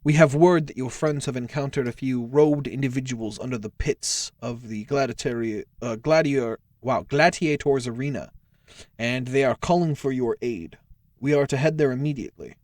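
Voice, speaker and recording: A man's voice: medium pitch, normal speed, a little mellow, no room sound, studio quality, voice pushed down, lightly acted. A man voicing a formal male city guard delivering urgent orders.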